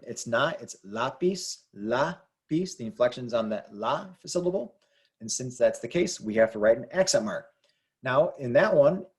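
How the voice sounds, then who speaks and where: A man's voice: mid-range voice, a little mellow. A man teaching a grammar lesson, explaining rules patiently and repeating them, with plenty of ums. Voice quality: husky. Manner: patient, repetitive, filler-heavy explaining. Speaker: Spanish teacher. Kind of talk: classroom explanation.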